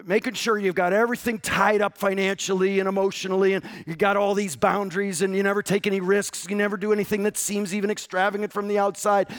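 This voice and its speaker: A man preaching a sermon with passion, jumping from loud outbursts to hushed whispers. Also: high voice. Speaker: pastor.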